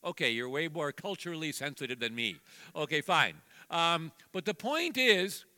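A man's voice: a little high, big pitch swings, normal speed, sharp tone. A man in his sixties preaching a sermon, jovial and self-deprecating, telling family anecdotes with playful acted-out voices. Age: 60s. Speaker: guest preacher. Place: church sanctuary. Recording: long hall reverb.

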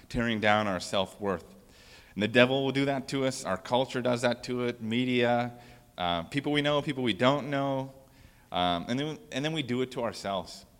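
A man's voice: medium pitch, fairly bright tone, big-room sound. A man preaching a casual sermon as pastor, talking conversationally with restarts and fillers.

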